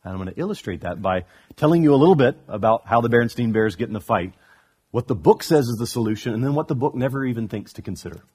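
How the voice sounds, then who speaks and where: A man preaching a sermon as a pastor, telling a story in an animated way, with touches of humor. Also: medium pitch, quick pace, slightly rough.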